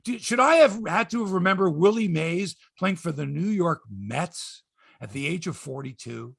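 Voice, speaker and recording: A man's voice: high voice, lively intonation, moderate pace, vocal fry, breathy edge, no echo, studio quality. A man hosting a sports podcast, ranting in casual chat, swearing and acting out quotes in voices.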